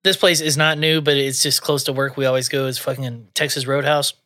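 A man's voice: medium pitch, fairly even intonation, brisk, bright, forceful tone, dry recording, clean studio sound. A man co-hosting a podcast, chatting loosely, swearing and laughing often. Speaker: podcast co-host. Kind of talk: casual chat.

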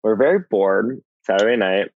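A man's voice: fairly low pitch, moderate pace, phone-quality sound. A man chatting as a podcast guest, playful and rambling, full of fillers and restarts. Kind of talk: casual chat.

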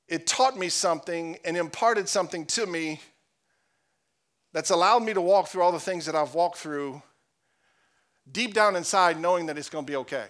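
A middle-aged male pastor giving a sermon, moving from a quiet personal story to emphatic, rising preaching. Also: sits high.

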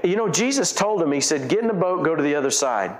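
Man, pastor, conversational sermon, slightly high voice, echoey room. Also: expressive, fast. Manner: conversational preaching with restarts and quoted scripture.

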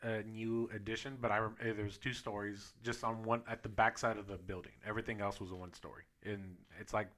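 A man with a bright, forceful voice talks with friends on a podcast. He speaks hesitantly and stops and restarts his sentences. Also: fairly low pitch. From Texas. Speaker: podcast co-host. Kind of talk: casual chat among friends.

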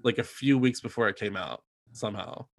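A man co-hosting a podcast in casual chat, talking in chatty bursts full of fillers and quick asides. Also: on the low side. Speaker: podcast co-host.

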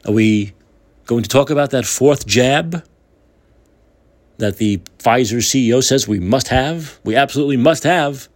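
A man's voice: mid-range voice, measured pace. A man hosting his own talk show, delivering heated, indignant political commentary with repeated phrases. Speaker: podcast host.

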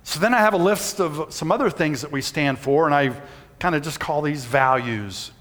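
A pastor preaches in a church sanctuary, weaving in a personal story told in a folksy way and shouting when he reenacts moments. His slightly high voice has lively intonation and a moderate pace, and the hall sounds reverberant.

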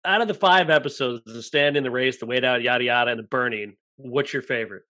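A man co-hosting a relaxed interview podcast, asking loose, conversational questions. He keeps checking in with his guest as he goes. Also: mid-range voice, fast. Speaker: podcast co-host. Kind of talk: casual interview.

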